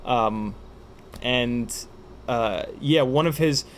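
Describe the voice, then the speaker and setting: A livestream host in a mid-range voice draws out his words while reading viewer questions in a loose Q&A, full of jokes, swearing, rambling and fillers. A little hiss or hum runs underneath.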